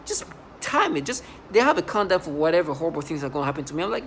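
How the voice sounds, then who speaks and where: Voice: big pitch swings, rapid-fire, slight background noise. Agitated, rambling monologue voice. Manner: agitated and intense, with frequent restarts and quoted asides; swings between loud outbursts and low muttering. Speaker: vlogger.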